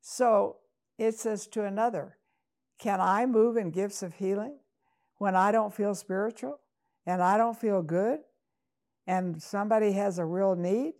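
Slow, gravelly older woman Bible teacher. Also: medium pitch, darkish tone. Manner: folksy, earnest, calls listener honey. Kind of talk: sermon-style teaching.

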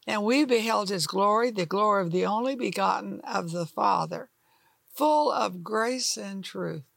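A woman's voice: mid-range voice, creaky, a bit bright, dry recording. An older woman teaching the Bible on television in a folksy, emphatic sermon style. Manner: folksy and emphatic, acts out doubters' voices.

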